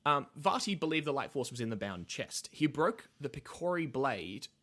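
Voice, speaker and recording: A man's voice: medium pitch, sing-song, normal speed, fairly bright tone. A man hosting a casual podcast, talking through game lore in a rambling, hesitant way with lots of fillers and swearing. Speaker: podcast host, lore explainer. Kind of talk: casual chat, explaining lore.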